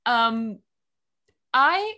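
A young woman from Portugal talks casually on a book podcast with a bright, forward tone. Her voice sits a little high. She is chatty and teasing, and she jokes at her own expense. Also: drawn-out words. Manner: chatty, animated, self-mocking. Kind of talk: casual chat.

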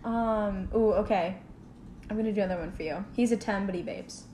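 A woman's voice: mid-range voice, fairly even intonation, brisk, mellow. A young woman in casual chat, talking bluntly with lots of fillers. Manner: chatty, filler-heavy, blunt verdicts. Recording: echoey room with faint background noise.

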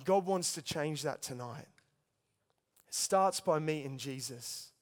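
Young male preacher, storytelling testimony, smooth and resonant, big reverberant hall. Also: a little high, slow pace. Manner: storytelling, earnest, addresses listeners as guys. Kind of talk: sermon testimony.

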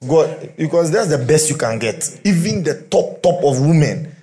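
A man's voice: fairly high pitch, lively intonation, normal speed, mellow. A middle-aged man, preaching a sermon through humorous storytelling.

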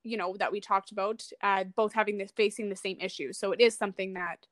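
A young woman co-hosting a podcast speaks in an easy, conversational way. She backs up her co-host with short reactions. Her voice is mid-pitched and the recording is dry and close. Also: fairly even intonation, fast, no echo. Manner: supportive, chimes in with short reactions. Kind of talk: casual chat.

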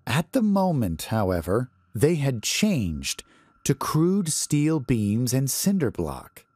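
A man reading a horror story aloud in a deliberate, expressive manner. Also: medium pitch, husky, no room sound. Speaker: narrator.

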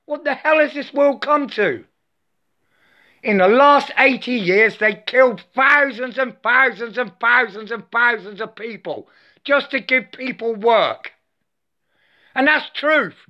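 Ranting older man, lo-fi. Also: very high-pitched. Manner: profane, repetitive, preachy, says "I" for "my". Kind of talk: angry ranting monologue. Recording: dull lo-fi sound.

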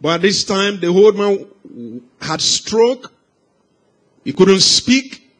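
High-voiced man preaching a testimony. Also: very animated, slow. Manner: dramatic swings from hushed to shouted. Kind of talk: sermon storytelling.

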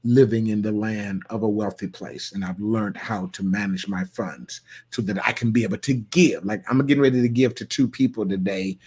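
Folksy pastor chatting with online viewers. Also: male voice, lowish voice, fairly even intonation, normal speed, hardly any pauses, breathy edge. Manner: loose, folksy, playful, with sudden loud bursts. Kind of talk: livestream sermon talk reading viewer comments.

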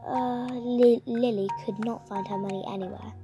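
A woman's voice: fairly high pitch, fairly even intonation. A woman reading a story aloud, stumbling and restarting now and then. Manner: halting, with frequent restarts. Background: music.

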